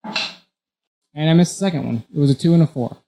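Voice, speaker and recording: A man playing a tabletop game, describing his moves in a rambling, animated way and laughing often. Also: a little high, moderate pace, vocal fry. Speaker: player. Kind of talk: casual tabletop game chat.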